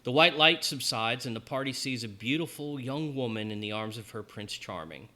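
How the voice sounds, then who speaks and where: A man's voice: medium pitch, lively intonation, normal speed, sharp tone. A man narrating as game master in a tabletop game, casual and rambling with many ums.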